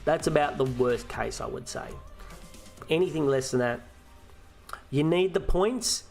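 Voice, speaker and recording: Australian male streamer, gravelly mid voice, casual, ranty and profane. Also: mid-range voice. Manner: ranting and swearing, with frequent restarts. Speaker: host of a fantasy football live stream. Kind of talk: casual live-stream chat.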